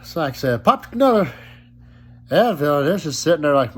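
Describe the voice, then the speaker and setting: In a casual storytelling vlog, a young man on his home sofa rambles profanely about being ill, still coughing a bit. His voice sits a little high and comes out very animated, fairly quick, a bit bright and slightly rough.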